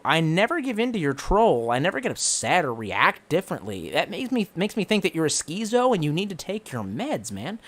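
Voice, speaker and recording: A man's voice: a little high, a bit bright. A young man from the Washington DC area, casually reading out chat messages on a live stream, profane and sarcastic, and getting drunk as he goes. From Washington DC metro area, US.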